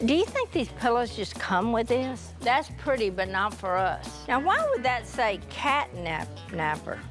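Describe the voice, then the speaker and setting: A woman's voice: on the high side, big pitch swings, unhurried. A mother on a reality show, chatty and doting, teasing her grown son. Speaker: family matriarch on a reality show. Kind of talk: reality show chat and confessional. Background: music.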